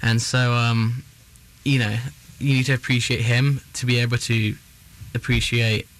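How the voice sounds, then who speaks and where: A man's voice: medium pitch, little pitch movement, a little slow, a bit bright. A young man from England with an English accent, co-hosting a casual chat and rambling with many fillers. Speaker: co-host.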